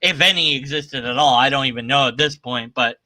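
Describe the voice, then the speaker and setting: A man's voice: mid-range voice, fairly quick, pushed and bright, no echo. A man giving casual, sarcastic commentary as he reads scripture aloud at his computer. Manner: sarcastic, irreverent. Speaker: atheist commentator. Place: at his computer sharing his screen.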